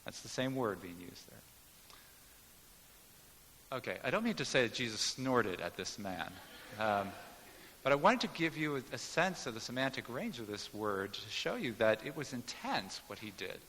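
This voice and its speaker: A man's voice: mid-range voice, very animated, normal speed, a bit bright, long reverb tail, slight background noise. A man preaching a sermon, teaching in an emphatic way and explaining Greek words to the congregation. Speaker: pastor.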